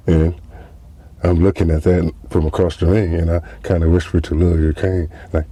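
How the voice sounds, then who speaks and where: A man's voice: sits low, little pitch movement, normal speed, dark tone, breathy edge, no room sound. A man hosting a podcast, telling a comic story in a casual, profane, rambling way with lots of fillers. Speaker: podcast host. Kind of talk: comedic storytelling monologue.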